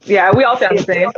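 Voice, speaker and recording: A woman from Toronto with her city's accent talks in a casual chat, her pitch rising and falling a lot. She swears freely and gets worked up. The recording is dry and a little dull. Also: slightly rough, no room sound. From Toronto, Canada. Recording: slightly dull lo-fi sound.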